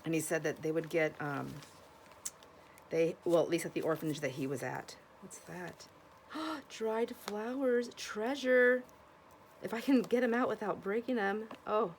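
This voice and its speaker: Chatty low-voiced woman gushing over finds. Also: normal speed, darkish tone, slight background noise. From Washington State, US. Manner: rambling, restarts sentences. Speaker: vlogger showing thrift finds. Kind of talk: casual chat to camera.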